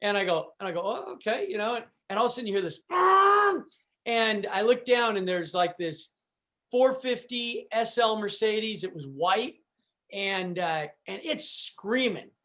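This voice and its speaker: A man guest on a podcast telling a story in a casual, animated way, acting out what people said and using lots of fillers. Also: sits high, moderate pace. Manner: animated, acts out quotes, fillers.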